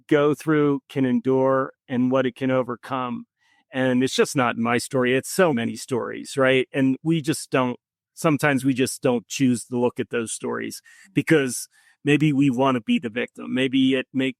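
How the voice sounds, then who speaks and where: Guy on a podcast telling his story, earnest, kinda reflective, lots of pauses, mid voice, dry close mic. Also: mid-range voice, no echo. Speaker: podcast guest. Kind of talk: personal storytelling in conversation.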